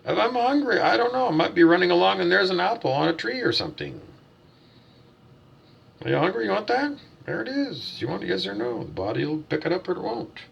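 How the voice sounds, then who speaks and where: A man's voice: high-pitched, big pitch swings, fairly quick, vocal fry, highs cut off, slight background noise. A man delivering a blunt, profane, preachy vlog rant as a self-styled spiritual teacher, asking himself questions and answering them. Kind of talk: ranting vlog monologue.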